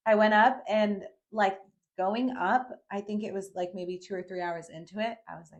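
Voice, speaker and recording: A woman's voice: mid-range voice, a little slow. A young woman hosting a podcast, chatting casually, swearing now and then and laughing easily as she shares her own story. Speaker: podcast host. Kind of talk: casual chat.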